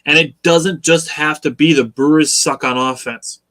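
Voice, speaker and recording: On a casual sports podcast, a male co-host with a voice on the high side explains his views in a steady, measured manner, encouraging listeners to stay level-headed.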